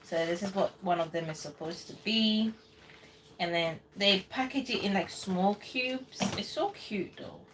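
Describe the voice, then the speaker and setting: A woman hosts a relaxed live cooking stream from her UK home kitchen, chatting loosely and rambling as she answers viewers. Her voice is mid-range and her pace measured. The mic is distant and background noise is noticeable.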